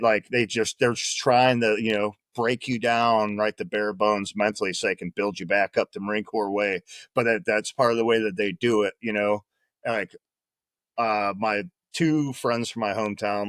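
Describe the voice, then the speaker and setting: A man's voice: on the low side, a bit bright, no room sound. A man, a former Marine guest on a podcast, telling stories in a casual, profane, rambling way, often tagging his lines with "right?". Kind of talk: casual storytelling in conversation.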